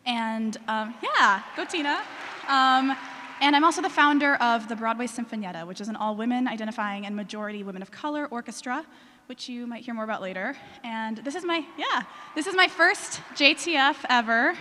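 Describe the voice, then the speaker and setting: A woman's voice: on the high side, lively intonation, brisk, sharp tone, a little hiss or hum. A woman panelist introducing herself on stage, upbeat and friendly. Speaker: panelist, orchestrator. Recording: reverberant hall with faint ambience.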